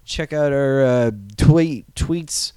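A man hosting a casual nerdy podcast, talking in an excitable, profane and rambling way. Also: medium pitch, slow pace, clean tone, dry recording. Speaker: podcast host.

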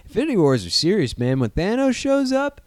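A man's voice: high-pitched, brisk, no echo. A man chatting casually on a podcast, rambling and swearing freely, often slipping into mocking impressions. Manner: rambling, profane, animated, jumps into mock voices. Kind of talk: casual chat.

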